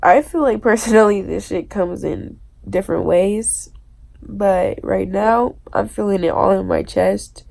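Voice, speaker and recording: A woman crying as she talks alone to her own camera, in a halting, hesitant confession broken by nervous laughs and swearing. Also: medium pitch, vocal fry, a little mellow. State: tearful, crying. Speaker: vlogger. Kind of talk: confessional self-recorded monologue. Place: alone indoors. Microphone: self-filmed camera.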